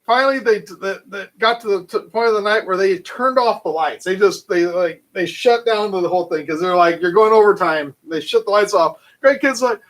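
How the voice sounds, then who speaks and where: A man casually telling a long, animated story full of fillers and restarts. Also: high-pitched, moderate pace, hardly any pauses, poor audio. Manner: animated, rambling anecdote with frequent fillers. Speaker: channel host.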